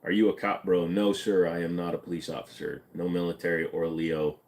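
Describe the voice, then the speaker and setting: A deep-voiced man hosts a casual live stream, reading out chat questions and firing back blunt, joking answers. His low voice carries an easygoing tone. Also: flat delivery, brisk, a little mellow.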